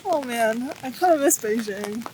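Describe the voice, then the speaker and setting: A woman's voice: fairly high pitch, animated, measured pace, rough recording. A woman on a trip with friends, chatting casually with short questions and reactions. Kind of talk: casual chat. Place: busy city streets outdoors. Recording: loud street noise behind. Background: loud street ambience.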